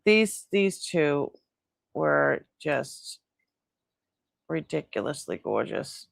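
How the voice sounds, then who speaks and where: Tired, gravelly woman host chatting. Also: low voice, big pitch swings, extremely slow, dry recording, studio quality. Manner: chatty, rambling, laughs often. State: tired, yawning. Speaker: host selling antiques in a live sale. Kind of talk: casual live-stream unboxing chat.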